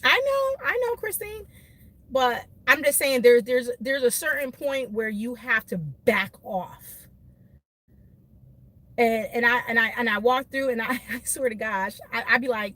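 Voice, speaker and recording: A woman beauty vlogger ranting animatedly to her live viewers from her car, emphatic and quick to laugh. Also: on the high side. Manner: animated, emphatic, laughs often, talks to chat by name. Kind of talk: casual venting rant to live viewers.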